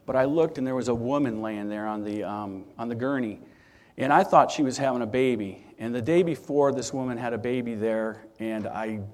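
Man, mid-pitched, casual pulpit storyteller who rambles and restarts; sermon testimony. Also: a little mellow. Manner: conversational storyteller, frequent restarts and fillers. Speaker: church speaker.

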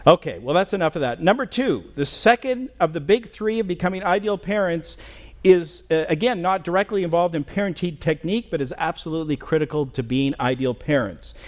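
A middle-aged man preaching a sermon as pastor in a church, earnest and halting, with many fillers and restarts. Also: fairly high pitch, lively intonation. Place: church sanctuary.

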